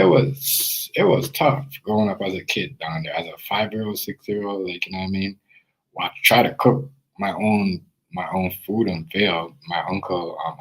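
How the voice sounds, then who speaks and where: A man's voice: low-pitched, a bit bright, slightly rough, poor audio. A young Jamaican man with a Jamaican accent telling his own story in a loose, rambling way, full of fillers and restarts. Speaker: video creator. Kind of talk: casual personal storytelling.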